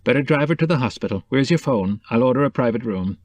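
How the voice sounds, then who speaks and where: A man voicing a brisk, matter-of-fact old male doctor. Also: medium pitch, expressive, no room sound, close to an everyday voice.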